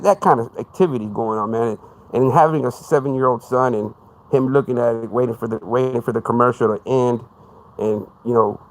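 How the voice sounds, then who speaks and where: A man with a Texan accent hosting a live podcast, talking in a rambling monologue that stumbles over repeated words and keeps saying "man.". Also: mid-range voice. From Texas. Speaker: podcast host.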